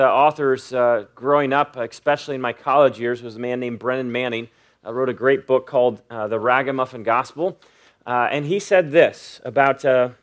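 A middle-aged male pastor preaching a sermon in an earnest way, reading scripture slowly with emphasis. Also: medium pitch.

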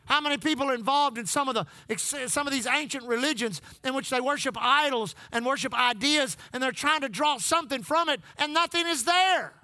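A man's voice: extremely high pitch, fairly quick, few pauses, bright, forceful tone, no echo. A middle-aged man preaching a sermon, telling folksy stories and calling out to the congregation. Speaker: pastor.

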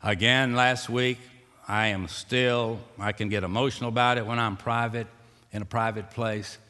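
A man preaching a sermon, dropping to a hushed, slow voice and rising to loud, excited calls. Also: mid-range voice. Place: church sanctuary. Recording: long reverb of a church hall.

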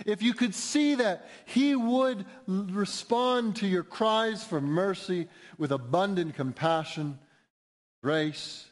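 A man preaching a sermon in an earnest, emphatic way, building to rising appeals. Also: sits high. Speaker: pastor.

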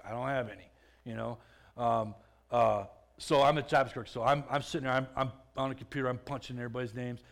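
A man giving a personal testimony in a conversational way, often restarting his words and growing louder as the story builds. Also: mid-range voice, fast, gravelly. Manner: conversational, repeats and restarts words, swells louder when excited.

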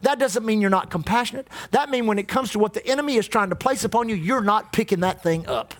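A man's voice: high-pitched, fast talker. A man preaching a sermon as pastor, impassioned and repetitive, drawing out emphatic lines.

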